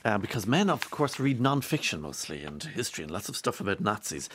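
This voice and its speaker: Fast-talking radio host. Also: male voice, on the low side, very animated, fairly bright tone, husky. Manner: rapid, rambling, joking asides with frequent restarts. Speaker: radio presenter. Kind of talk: lively morning radio chat.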